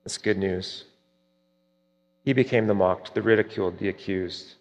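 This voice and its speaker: A man preaching a sermon earnestly, rising for emphasis and dropping soft at key points. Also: sits low, fairly even intonation, moderate pace, highs cut off. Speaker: pastor. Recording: long reverb, hall-like.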